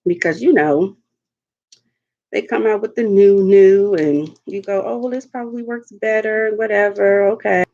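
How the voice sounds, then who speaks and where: A woman's voice: mid-range voice, normal speed, warm tone, dull audio. A young adult woman hosting a live seafood eating show at home, chatting playfully and laughing often, calling viewers honey and darling. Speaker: mukbang host. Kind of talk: live-stream eating chat.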